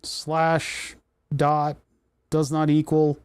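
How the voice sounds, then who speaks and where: Man, livestream host, rambling self-talk, somewhat high voice, dry close sound. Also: completely flat delivery, very slow, smooth, no echo. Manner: rambling, talks to himself while fiddling with menus. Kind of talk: casual livestream chat while working. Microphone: desk microphone.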